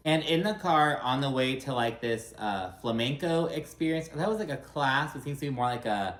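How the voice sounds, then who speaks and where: A man's voice: mid-range voice, lively intonation, moderate pace, fairly bright tone, roomy sound. A man hosting a casual reality TV recap, talking in a chatty, blunt way with lots of fillers and swearing, and acting out the cast members' lines.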